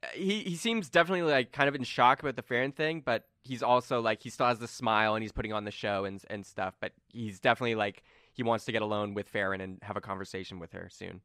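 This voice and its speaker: Brief: easygoing male game master recapping a tabletop session, bright tone, dry close mic. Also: on the low side, fast talker, no room sound. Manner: casual, rambling, filler-heavy recap.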